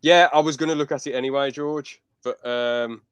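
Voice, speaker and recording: Male podcast host, clear voice, close and dry, rambly casual chat over a call. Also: mid-range voice, fairly even intonation, moderate pace, fairly bright tone, dry recording. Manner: rambling, stops to correct himself. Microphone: video call.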